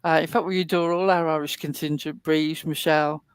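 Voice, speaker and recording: A woman's voice: deep voice, steady tone, brisk, clear, resonant tone, dry recording, clean studio sound. A woman hosting a casual online talk show, chatting at length in a rambling way with plenty of fillers. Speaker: host. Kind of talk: casual podcast chat.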